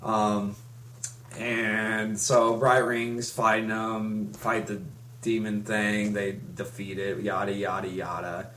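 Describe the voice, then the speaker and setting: A man's voice: lowish voice, level tone, takes it slowly, a bit bright, slight background noise. A young man in casual chat, rambling through a story with many restarts and fillers. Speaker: fan recapping a comic.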